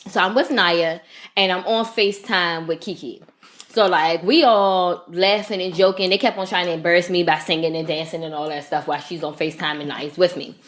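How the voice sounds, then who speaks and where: A woman co-hosting a podcast, telling a story in a casual, animated rant and swearing freely. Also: fairly low pitch, fairly quick. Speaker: podcast co-host. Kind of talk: casual chat.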